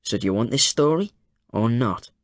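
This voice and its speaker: A calculating male detective chief inspector, read by a man. He speaks flatly and bluntly, giving nothing away, in an ordinary middle register. The audiobook sound is dry and close. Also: medium pitch, normal speed, no echo, close to an everyday voice. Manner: deadpan, blunt. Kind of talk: audiobook character voice.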